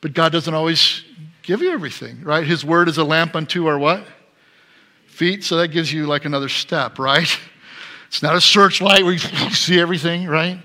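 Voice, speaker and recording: A middle-aged man preaching a sermon as pastor, swinging between loud emphatic passages and soft quiet ones. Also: a little high, normal speed.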